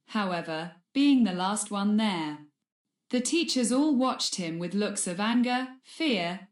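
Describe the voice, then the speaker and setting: Woman narrating fanfic audiobook, middle pitch, echoey room. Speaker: audiobook reader. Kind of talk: fan fiction audiobook narration. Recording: roomy echo.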